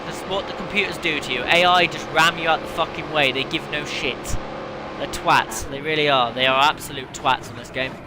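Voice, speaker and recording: A man's voice: a little high, steady tone, a little fast, few pauses. Sweary man ranting over engine noise. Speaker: gaming channel host. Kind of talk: racing game commentary. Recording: game engine noise behind voice. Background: racing car engine noise.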